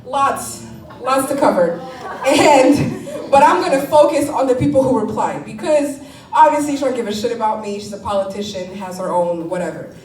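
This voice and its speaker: A woman performing a stand-up comedy set, animated and laughing often, swearing and mocking what people say. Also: fairly high pitch, normal speed, echoey room, far from the mic, rough recording.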